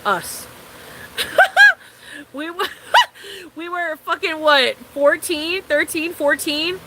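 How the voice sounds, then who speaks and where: A woman's voice: high voice, pushed and bright, a little hiss or hum, rough recording. A young woman vlogger ranting in a casual storytime, exasperated and incredulous, swearing freely and laughing often.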